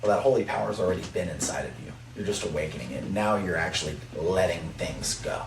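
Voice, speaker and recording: A man's voice: deep voice, fast. A young man, a college basketball player, talking earnestly about his faith on a podcast. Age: young adult. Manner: earnest, testifying. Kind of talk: faith-focused podcast chat. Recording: roomy, distant mic, faint noise.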